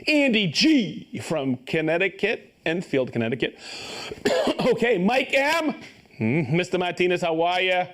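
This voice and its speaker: Brief: high, animated male host, upbeat and joking, calling out viewer shout-outs live. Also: unhurried. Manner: upbeat, reads viewer names and places, jokes and stumbles on pronunciations. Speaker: host of a live tool show.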